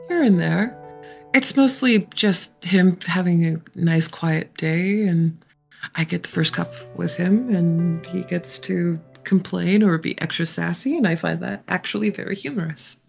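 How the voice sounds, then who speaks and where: A woman playing her character in a tabletop role-play game, speaking in a gentle, measured, earnest way. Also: on the low side, vocal fry. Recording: faint music behind.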